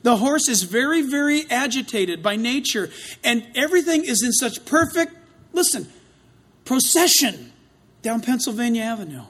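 High-voiced preacher with sweeping dramatic delivery. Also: male voice, big pitch swings, normal speed. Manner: dramatic, swings from loud shouting to hushed asides. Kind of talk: sermon.

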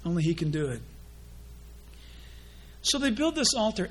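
A male pastor preaching a sermon in an animated way, acting out gossips and people praying in quick quoted voices. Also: high-pitched, husky.

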